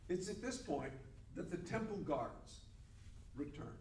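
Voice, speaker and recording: Older male Bible teacher, folksy and joking, high lively voice, recorded far off in an echoey room. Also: measured pace. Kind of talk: conversational Bible lesson. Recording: roomy room mic from far off, faint noise.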